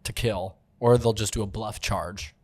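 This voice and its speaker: Laid-back park ranger, as a man quotes him, offhand and matter-of-fact, a touch quieter than the surrounding chat. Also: lowish voice, steady tone, moderate pace, natural voice. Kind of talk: retold quote in comedy chat.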